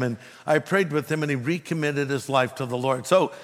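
Pastor preaching in an echoing hall. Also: male voice, fairly high pitch, normal speed. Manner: storytelling with humor, emphatic. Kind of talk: sermon. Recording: long hall reverb.

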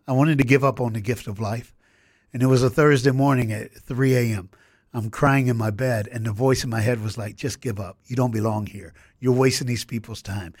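With no room sound, a mid-range male voice is heard: an American motivational speaker in a radio studio interview. He delivers fast, emphatic anecdotes and acts out what people said.

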